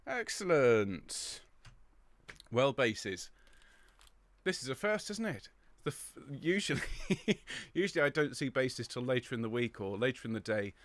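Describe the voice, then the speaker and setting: A mid-range male voice with no echo. A middle-aged choir director runs an online rehearsal from his home studio, chatting on the livestream and greeting viewers by name.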